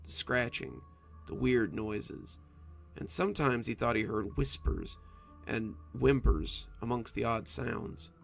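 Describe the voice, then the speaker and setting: A man telling a spooky bedtime story in an expressive, dramatic scripted narration, with faint music behind. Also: mid-range voice, slow, vocal fry.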